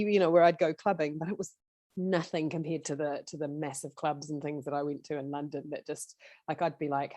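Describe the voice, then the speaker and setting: Low-voiced New Zealand woman, rambling. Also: no room sound, studio quality. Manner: rambling, many restarts and fillers, animated. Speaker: podcast guest. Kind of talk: casual interview talk.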